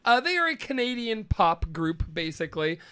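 Lively, joking male podcast co-host. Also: high voice, moderate pace, clean tone, dry recording. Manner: joking, laughs often, swears casually. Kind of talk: casual chat.

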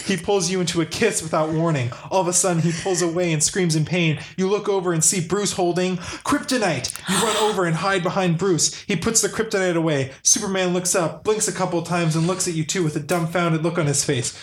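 A man's voice: high voice, steady tone, a little fast, few pauses, a little hiss or hum. Playful man reading fan fiction aloud. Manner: playful, teasing, acts out narration. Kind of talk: comedic reading aloud to friends.

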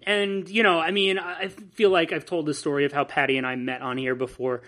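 A man's voice: fairly high pitch, little pitch movement, brisk, pushed and bright. A man co-hosting a podcast in casual chat, rambling and enthusiastic, cursing freely. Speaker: podcast co-host.

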